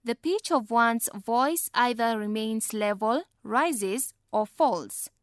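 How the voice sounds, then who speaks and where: Clear, high-voiced woman narrating a lesson. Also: lively intonation, no echo, studio quality. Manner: measured, instructional.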